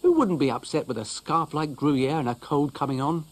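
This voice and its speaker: A man's voice: a little high, moderate pace, voice pushed up, close to an everyday voice. A man voicing a grumpy, self-pitying male dog in a cartoon, huffing and grumbling indignantly. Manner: huffy, indignant, mutters and grumbles.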